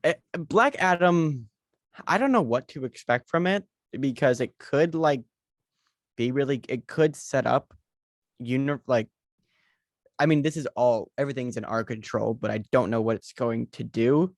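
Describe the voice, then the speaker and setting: A male podcast co-host chatting casually over a video call. He rambles and hesitates, filling gaps with fillers. His voice sits at an ordinary pitch with a dry, close sound. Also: measured pace, no room sound. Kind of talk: casual chat.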